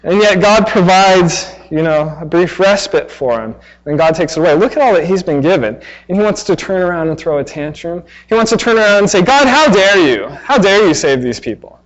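A man's voice: high-pitched, brisk, hardly any pauses, muffled recording. A man in his thirties preaching a sermon in a conversational way, acting out exasperated asides. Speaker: pastor.

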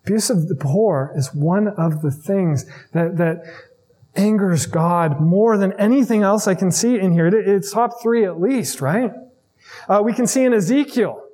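A man preaching a sermon in a conversational way, often checking in with his listeners with quick asides. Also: high-pitched, dark tone. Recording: long reverb of a large hall.

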